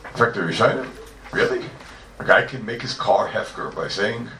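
A man teaching a Talmud class, animated and full of rhetorical questions, heard from a distance in an echoey room. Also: on the low side, fairly quick, a little hiss or hum. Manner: animated, rhetorical questions, Yeshivish mix of Hebrew and Yiddish terms. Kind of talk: Talmudic lecture. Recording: echoey room, distant mic, faint ambience.

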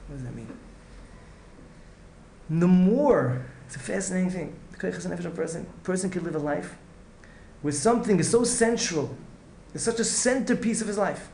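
A man's voice: sits high, lively intonation, moderate pace, vocal fry, warm tone, a little hiss or hum. A man giving an earnest Torah lecture as a rabbi, repeating himself and restarting phrases. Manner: earnest, repetitive, restarts phrases, mixes in Hebrew and Yiddish words. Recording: echoey room with faint ambience.

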